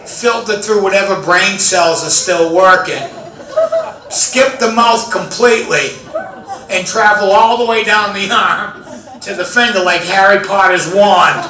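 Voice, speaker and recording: A man in his fifties performs stand-up with a bright, high voice, telling self-deprecating stories. He is recorded from some distance in a roomy, echoey hall. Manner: self-deprecating, animated storytelling with audience laughter. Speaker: comedian. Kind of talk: stand-up comedy set. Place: large event room with audience. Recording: echoey room from far off.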